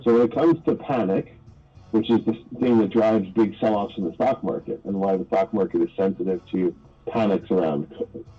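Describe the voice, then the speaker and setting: A man's voice: lowish voice, moderate pace, dark tone, slightly rough, soft background music. A man speaking as an economist guest on a radio talk show, explaining in an earnest, articulate way. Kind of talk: radio interview commentary. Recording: dull lo-fi radio audio.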